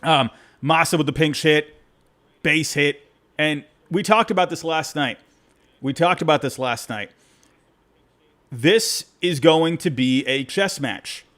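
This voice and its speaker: A man hosting a postgame baseball reaction show, talking in an excitable, rambling way that keeps breaking off and restarting. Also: on the high side, slow, long pauses. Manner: excitable, rambling, self-interrupting. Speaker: podcast host.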